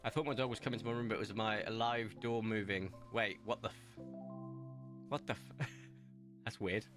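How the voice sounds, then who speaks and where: While streaming a video game, a young man chats casually, wandering off into stories and asides as faint game music plays behind him. His voice is fairly low, with a steady tone and moderate pace.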